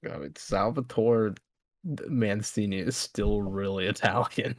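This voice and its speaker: A man's voice: on the low side, measured pace. A young man co-hosting a podcast, teasing his friend with sarcastic remarks in casual chat. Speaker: podcast co-host.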